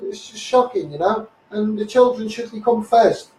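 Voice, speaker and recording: A man with a Scouse accent rants bluntly into a live stream. His voice sits high. He sounds a little away from the mic in an echoey room. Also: normal speed, a little mellow, recorded from a distance. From Liverpool, England. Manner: blunt, combative, repeats "you know what I mean". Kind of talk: ranting live stream monologue.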